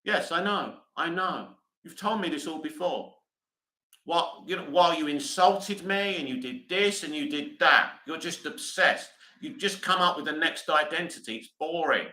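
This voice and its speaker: A man's voice: a little high, expressive, moderate pace, pushed and bright, roomy sound, low-quality recording. A British man hosting a live stream, reading comments aloud and answering them bluntly in casual chat.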